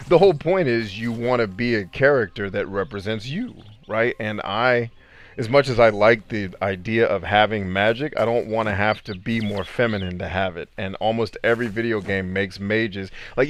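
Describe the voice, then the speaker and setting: A man casually chatting with viewers on a live game stream, animated, laughing often and swearing freely. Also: fairly low pitch. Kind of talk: casual live-stream chat while gaming.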